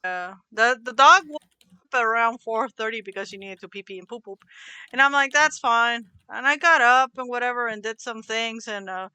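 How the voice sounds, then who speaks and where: A young woman co-hosting a casual podcast, relaxed and swearing freely, often trailing off into laughs. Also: on the high side, a little fast, clear, resonant tone, no echo. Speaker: podcast co-host. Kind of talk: casual chat.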